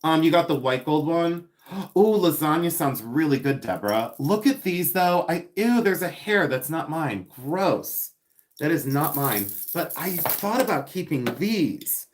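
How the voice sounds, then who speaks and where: A man's voice: fairly high pitch, expressive, measured pace. Chatty, giggly man hosting a live stream. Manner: chatty and giggly, reading viewer comments aloud; playful, repeats words for fun. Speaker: live-stream seller and host. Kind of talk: casual live-stream chat while unboxing.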